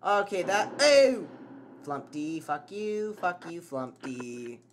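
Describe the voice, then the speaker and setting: A man's voice: a little high, sing-song, takes it slowly, a little hiss or hum. A man commentating a horror game, swearing and yelping at scares. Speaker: gameplay commentator.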